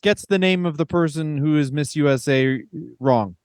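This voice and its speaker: A man co-hosting a podcast, telling stories in a joking, animated way. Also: fairly high pitch, normal speed, slight background noise. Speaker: podcast co-host. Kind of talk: casual chat.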